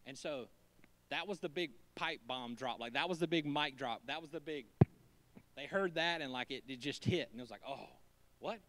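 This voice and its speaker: Joking pastor with a high voice. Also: male voice, moderate pace, slight background noise. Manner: conversational and joking, swinging from hushed to emphatic. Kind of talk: sermon.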